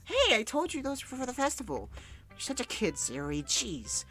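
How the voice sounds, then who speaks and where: A man putting on a prickly, hot-tempered teenage schoolgirl from a visual novel game, pitched high and loud. She snaps and scolds in a bright, sharp tone, and her nose sounds stuffy. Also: big pitch swings, normal speed, faint music behind. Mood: snappy. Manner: snappy, scolding.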